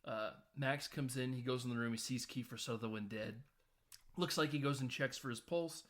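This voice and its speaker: A man hosting a casual film podcast, recapping scenes with quick quoted voices. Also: medium pitch, fairly bright tone. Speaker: podcast host.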